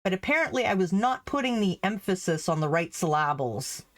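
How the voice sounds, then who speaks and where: A woman's voice: on the low side, animated, a little fast. A middle-aged woman, a former French teacher, chatting casually and telling stories, laughing often. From Canada. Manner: chatty, laughs often, acts out quoted voices. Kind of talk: casual storytelling while embroidering.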